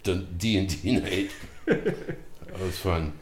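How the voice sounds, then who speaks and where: A man's voice: deep voice, takes it slowly. A man who works on tugboats, a guest in a casual chat, talking in a laid-back way and laughing along. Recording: roomy echo with faint noise.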